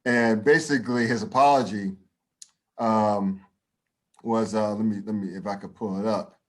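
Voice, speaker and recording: A man's voice: fairly low pitch, steady tone, moderate pace. Blunt, profane man on a podcast. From United States. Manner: profane, emphatic, with many restarts. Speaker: podcast co-host. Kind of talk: casual opinion chat.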